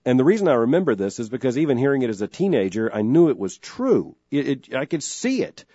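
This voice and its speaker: A man's voice: mid-range voice, big pitch swings, mellow, no echo. A middle-aged man hosting a call-in radio talk show, speaking earnestly and measuredly, often restarting his thoughts. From Florida, US. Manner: earnest, measured, repeats himself when starting a thought. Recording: dull dry studio broadcast sound.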